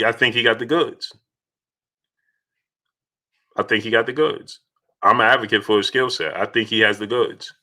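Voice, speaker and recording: A man's voice: on the low side, bright, forceful tone. Emphatic man hosting a boxing livestream. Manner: repetitive, emphatic, restarts phrases. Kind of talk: casual livestream talk reading super chats.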